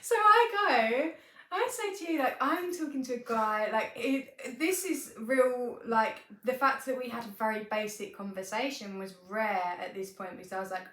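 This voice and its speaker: A woman's voice: a little high, normal speed, a bit bright. A young adult woman co-hosting a podcast, telling a story in casual chat full of "like" and small laughs. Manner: storytelling, filler-heavy "like", laughs. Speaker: podcast co-host. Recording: echoey room.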